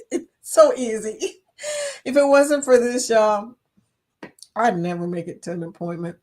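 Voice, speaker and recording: A woman's voice: on the high side, fairly even intonation, slow pace, long pauses, darkish tone. A woman with a Kentucky accent hosting a casual livestream chat, chatting away, reading viewer comments aloud and laughing often. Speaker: livestream host.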